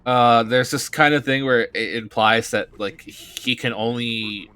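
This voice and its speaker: A man's voice: mid-range voice, steady tone, a little slow, sharp tone, clean tone, faint music behind. A man streaming a video game, talking casually in a rambling, hesitant way with blunt opinions. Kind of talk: casual commentary over a game.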